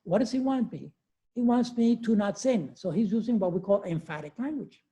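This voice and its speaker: A man of about sixty teaches a class in a chilly room, his voice dark and mellow. He talks loosely, with many fillers and restarts. He often chuckles at his own points. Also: high voice, animated, brisk. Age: 60s. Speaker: lecturer. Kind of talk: university lecture. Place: cold classroom. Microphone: lecture recording with remote attendees.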